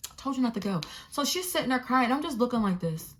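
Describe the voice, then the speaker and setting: A young adult woman telling a storytime in a casual, animated, profane and exasperated way. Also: a little high, fast talker. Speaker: vlogger.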